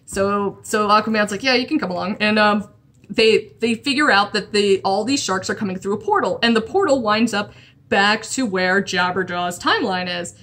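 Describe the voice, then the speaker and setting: A woman's voice: medium pitch, normal speed, fairly bright tone. A woman chatting casually about a comic while drawing, rambling with lots of restarts. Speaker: comic art vlogger.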